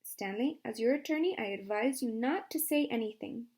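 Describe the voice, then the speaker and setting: A woman voicing a sharp-tongued, fierce female lawyer in a storybook reading, talking forcefully. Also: fairly high pitch, lively intonation, moderate pace, close to an everyday voice. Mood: firm. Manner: forceful, snapping.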